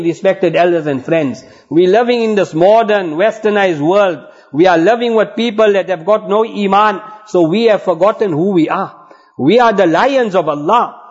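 A man's voice: sits high, slightly rough. A man preaching a sermon to elders and friends, telling a story and exhorting earnestly. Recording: dull lo-fi recording.

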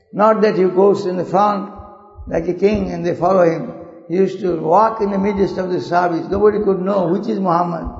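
A man's voice: sits high, gravelly, a little mellow. A man giving a sermon. He asks his listeners questions and recites verses in Arabic. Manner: explains by asking the audience questions, recites Quran verses in Arabic. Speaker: Islamic preacher. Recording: dull echoey hall.

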